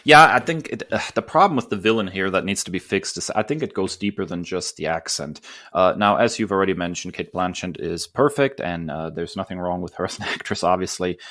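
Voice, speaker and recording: Deep-voiced man hosting a podcast. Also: fairly quick. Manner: relaxed, with many "uh" fillers. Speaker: podcast host. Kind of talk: casual podcast chat.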